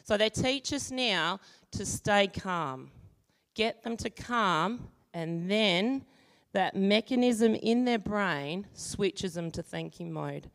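A woman giving a sermon, moving from an animated story with acted-out voices to calm teaching and prayer. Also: mid-range voice, slow pace. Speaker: church speaker. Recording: long hall reverb.

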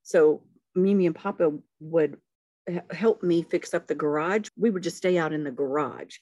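A middle-aged woman with a Southern US accent, a podcast guest telling family stories in a relaxed, folksy way. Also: sits low, normal speed, dry recording. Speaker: podcast guest, the hosts' mother. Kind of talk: casual family storytelling.

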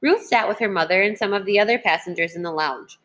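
A woman's voice: medium pitch, fairly bright tone. Woman reading a children's book aloud. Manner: clear, measured storytelling.

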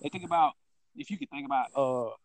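A man chatting casually about rap and regional style, musing in a loose, drawn-out way and often asking "you know what I'm saying". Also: medium pitch.

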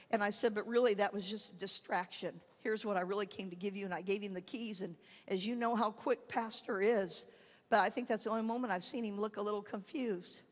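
A woman evangelist preaching a sermon, telling her story with swings from quiet asides to loud, shouted climaxes. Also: mid-range voice. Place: church camp meeting hall. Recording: long hall reverb.

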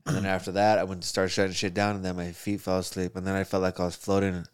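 A man's voice: deep voice, monotone, fast talker, smooth. A man casually telling a long, profane story in a rambling, conversational way. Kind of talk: casual chat.

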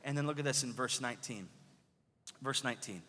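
A man preaching a sermon as pastor, lively and questioning the congregation. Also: medium pitch, fairly quick, slight background noise. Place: church sanctuary. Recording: long church hall reverb.

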